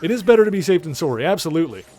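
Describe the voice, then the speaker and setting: A man's voice: a little high, very animated, rapid-fire, dark tone, faint music behind. A man streaming a video game, chatting casually in a rambling way, full of fillers and the odd swear word. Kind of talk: casual gameplay commentary.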